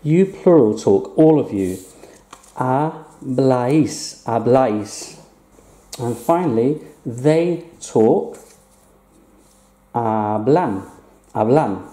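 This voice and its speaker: A man's voice: mid-range voice, animated, slow, dark tone, echoey room. A man teaching a Spanish lesson in a chatty, playful way, asking his learners rhetorical questions. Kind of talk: recorded online language lesson.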